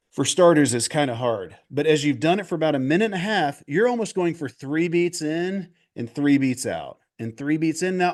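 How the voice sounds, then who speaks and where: A man guest on a video call interview, telling stories in a casual, animated way and acting out quotes. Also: fairly high pitch. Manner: animated, restarts and acts out quotes. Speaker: golf coach guest.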